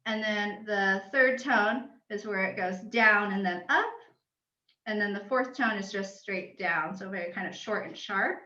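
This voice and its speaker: Young woman author, bright voice in an echoey room. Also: medium pitch, a little slow. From United States. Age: young adult. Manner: chatty, explanatory, laughs often. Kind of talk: book talk with slides. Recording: roomy and dull lo-fi.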